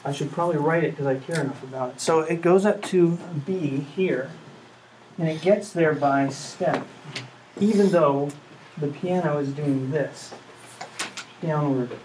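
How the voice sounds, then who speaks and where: A man's voice: fairly high pitch, unhurried, darkish tone, a little hiss or hum, rough recording. A man teaching a music class, talking earnestly and checking in with rhetorical questions. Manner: earnest, asks rhetorical questions, hums melodies. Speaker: music professor. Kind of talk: classroom lecture.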